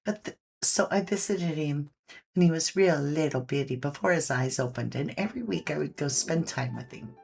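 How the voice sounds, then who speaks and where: A woman's voice: low voice, expressive, moderate pace, gravelly, a little mellow, husky. A woman hosting a live painting stream, chatting casually, reading viewer comments aloud and fussing over her dogs. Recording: faint background music.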